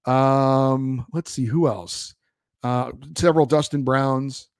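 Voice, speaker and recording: A man hosting a hockey podcast, reading listener emails and answering in a relaxed, rambling way with frequent ums and restarts. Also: mid-range voice, takes it slowly, clean tone, dry recording, studio quality. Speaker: podcast host.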